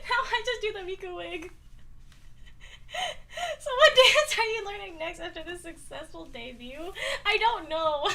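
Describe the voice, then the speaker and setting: A woman's voice: extremely high pitch, pushed and bright, far from the mic. A woman livestreaming in a casual chat, giggling constantly and rambling while she fiddles with things off to the side. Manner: busy with her hands while talking, distracted. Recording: voice a bit off-mic.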